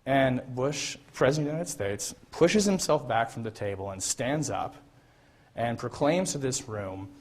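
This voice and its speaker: A man's voice: mid-range voice, animated, normal speed. A man giving a public lecture, telling a story in a conversational way with frequent fillers and restarts.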